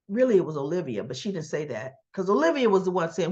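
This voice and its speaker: A woman's voice: fairly high pitch, very animated, brisk, dull audio. A woman casually retelling a soap opera episode, acting out characters' lines with "she goes" and correcting herself as she talks. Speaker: soap opera recap vlogger.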